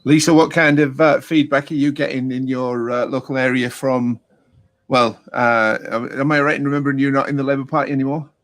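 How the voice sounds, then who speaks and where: A man hosting an online political chat show, speaking in a rambling, halting, sardonic way. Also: medium pitch, little pitch movement, fairly bright tone. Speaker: host.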